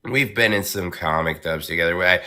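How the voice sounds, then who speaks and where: A man's voice: sits low, moderate pace, bright, forceful tone. A man who is a voice actor, chatting casually on a podcast, laughing often and using many fillers and restarts. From northern United States. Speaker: voice actor guest.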